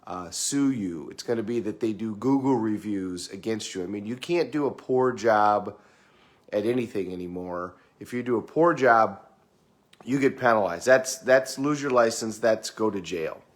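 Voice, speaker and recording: A middle-aged motivational speaker gives a conversational talk, repeating words as he goes and acting out what his clients said. His voice is fairly low and his speed normal.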